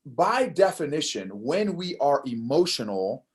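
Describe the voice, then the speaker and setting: An older man talking as a podcast guest in a casual interview, animated and prone to quick restarts, laughing as he tells a story. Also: fairly high pitch. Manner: animated, laughs while telling stories, frequent restarts. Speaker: podcast guest, course creator.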